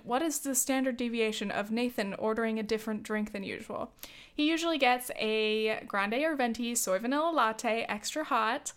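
A young woman in her twenties hosting a casual solo podcast, talking freely with lots of fillers and swearing, and acting out quoted dialogue. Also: a bit bright. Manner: acts out quoted dialogue with jumps in pitch. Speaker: podcast host.

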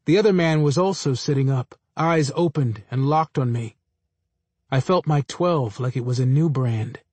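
A man reading a first-person story aloud in a measured, dry storytelling manner. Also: mid-range voice, a little mellow, no room sound. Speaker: narrator.

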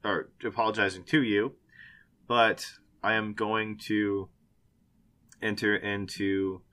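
Man doing a sorry husband, stumbling, sincere, low bright voice. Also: little pitch movement. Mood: contrite. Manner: halting, earnest, stumbling over words. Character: remorseful man apologizing to the sea spirit.

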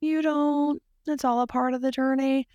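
A woman's voice: high-pitched, fairly even intonation, moderate pace, a little mellow, dry recording. A young woman, a client guest on a podcast, chatting casually and acting out her own quoted thoughts. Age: young adult. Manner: chatty, lots of "like", acts out quotes.

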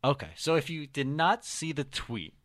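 A man's voice: on the high side, moderate pace, fairly bright tone, no room sound. A young man hosting a casual sports podcast, laid-back and joking as he tells a story. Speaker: podcast host. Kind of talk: casual hockey podcast chat.

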